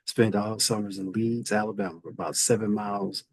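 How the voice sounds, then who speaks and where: Husky low-voiced man with Southern accent. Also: moderate pace, no echo, low-quality recording. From Indiana, USA. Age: middle-aged. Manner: relaxed storytelling with frequent repeated starts. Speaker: guest, federal official. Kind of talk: conversational interview.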